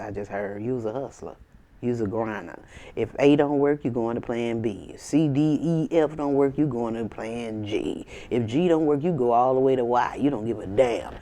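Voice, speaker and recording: A woman's voice: rumbling low, warm tone. A woman tarot reader in a casual spiritual reading to camera, talking in an emphatic, slangy, preachy way with sassy asides.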